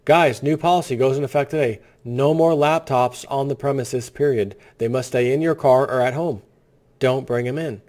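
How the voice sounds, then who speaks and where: A man in the middle of a political rant, scornful and blunt, tossing out insults as he reads through a story. His voice sits at an everyday middle pitch. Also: moderate pace, darkish tone. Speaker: video host. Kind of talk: ranting political commentary.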